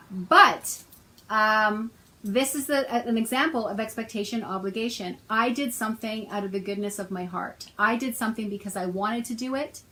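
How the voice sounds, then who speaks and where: A woman's voice: fairly high pitch, sharp tone, poor audio. A middle-aged woman talking casually to her viewers, telling a personal story in a chatty way with a sarcastic edge. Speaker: self-help author and host.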